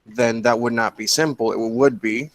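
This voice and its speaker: A man's voice: mid-range voice, fairly even intonation, normal speed, fairly bright tone. Patient male teacher on a video call. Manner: patient, explanatory, keeps checking with "okay?". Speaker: English teacher. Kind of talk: online class lecture. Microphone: computer mic on a video call.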